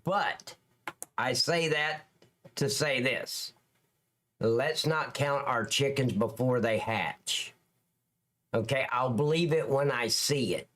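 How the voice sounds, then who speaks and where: A man's voice: medium pitch, takes it slowly, long pauses, a bit bright. A man with a Southern Alabama accent, hosting a livestream in a joking, rambling way and talking to his chat viewers by name. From lower Alabama, US. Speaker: livestream host.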